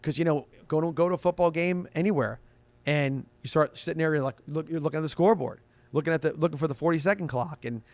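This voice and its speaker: A man's voice: fairly high pitch, fast talker, darkish tone, no room sound. A man hosting a sports radio show, answering listener questions in a loose, rambling way and often restarting his sentences. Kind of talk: casual sports talk show chat.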